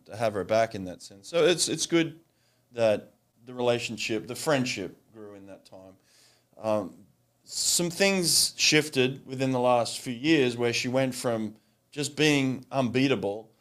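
A man interviewing a coach, speaking in a relaxed, reflective way with fillers. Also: medium pitch. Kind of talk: conversational interview.

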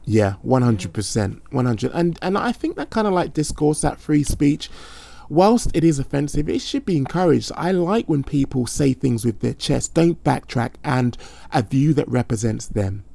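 Gravelly-voiced man podcast co-host. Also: medium pitch, animated, normal speed, warm tone, no room sound. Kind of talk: casual podcast chat.

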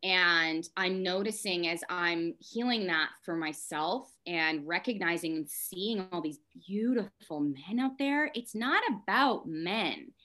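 Frank, impassioned woman, low voice. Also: lively intonation, sharp tone. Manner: frank and impassioned, talks in rushes with tangents. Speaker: podcast guest. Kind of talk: candid podcast conversation.

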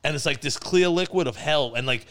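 A man telling a story in casual chat, animated and laughing often. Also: fairly high pitch, brisk.

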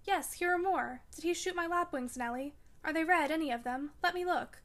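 A woman's voice: extremely high pitch, a little fast, a bit bright. A woman reading aloud as a feverish, delirious young woman, dreamy and frightened. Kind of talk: audiobook reading.

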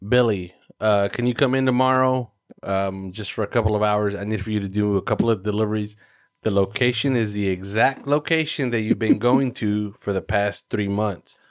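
A man co-hosting a podcast, telling a long workplace-style story in casual chat. His delivery is animated and profane, and he jumps his voice up to play the people he quotes. The recording is dry and close. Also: lowish voice, moderate pace, dry recording. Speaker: podcast co-host.

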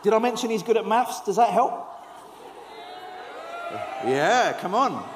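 A man in his forties preaching a sermon, telling stories with humour and dropping to soft, earnest tones. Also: high voice, sing-song, a little slow, some chatter behind, slight background noise. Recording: echoey hall.

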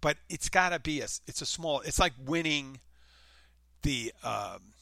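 Rambling man with a very bright voice. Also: on the high side, lively intonation, measured pace, creaky, no room sound. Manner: rambling, self-correcting, restarts his thoughts. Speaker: podcast host. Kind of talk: casual monologue.

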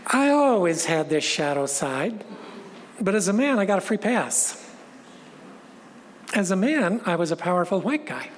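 A woman pastor giving a reflective, measured sermon and repeating key phrases. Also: fairly low pitch, sing-song. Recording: long reverb, faint background noise.

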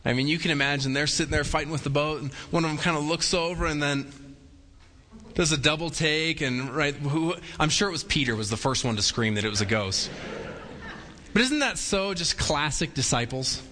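A man delivers a sermon from the pulpit, talking in a relaxed, conversational way and slipping into playful quoted voices. His voice is bright and forceful, and it rings with the long reverb of a large church hall. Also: a little high, brisk. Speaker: pastor.

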